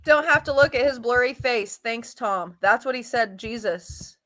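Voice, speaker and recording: A woman's voice: fairly high pitch, normal speed, a bit bright, no echo. A woman co-hosting a casual wrestling podcast over a video call, teasing and giggly. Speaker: podcast co-host. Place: home, streaming live.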